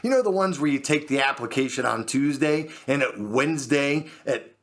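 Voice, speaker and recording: A man hosting a show, telling a true personal story in a lively way and acting out the voices of the people in it. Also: mid-range voice, normal speed. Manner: animated, acts out the people in his story. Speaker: host. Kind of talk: storytelling monologue.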